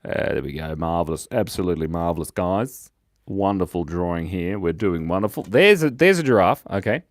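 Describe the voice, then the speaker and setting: Casting: playful male streamer, lively pitch, dry close mic, giggly chat-reader. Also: brisk, no echo. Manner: playful, reads chat comments aloud, giggles often. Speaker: livestream host drawing with chat. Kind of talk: casual live-stream chat.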